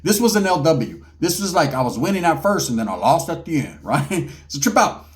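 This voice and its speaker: Man, middle-aged, from California, ex-inmate storyteller; animated, slangy, slightly high voice. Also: fairly quick. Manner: animated, street slang, punchy sound effects. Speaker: former inmate telling a story. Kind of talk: casual storytelling.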